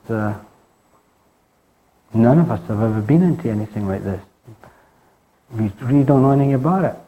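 A man giving an informal spiritual talk in a rambling way, often tagging his lines with "eh?" and dropping soft and low on key words. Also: low-quality recording. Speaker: spiritual teacher.

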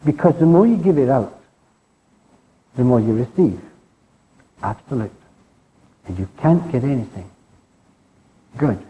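A man giving an informal spiritual talk in a rambling way, often tagging his lines with "eh?" and dropping soft and low on key words. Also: phone-quality sound. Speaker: spiritual teacher.

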